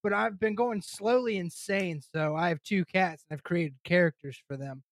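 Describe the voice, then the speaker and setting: High-voiced jokey young man. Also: normal speed, gravelly, no room sound, studio quality. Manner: laughs often, loose and jokey. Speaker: podcast co-host. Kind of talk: casual conversation.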